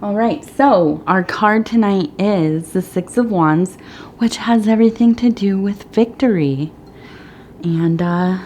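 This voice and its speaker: A middle-aged woman reading tea leaves in a soft ASMR chat, slightly out of breath, rambling and sometimes whispering. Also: mid-range voice, takes it slowly, slight background noise. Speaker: tea leaf reader.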